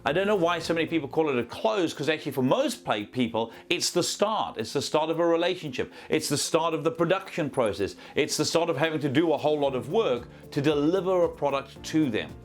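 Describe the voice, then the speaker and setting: A man's voice: a little high, a little fast, few pauses. A man, a business trainer giving a conversational coaching talk to the camera and acting out small scenes as examples. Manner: lively, conversational, acts out examples.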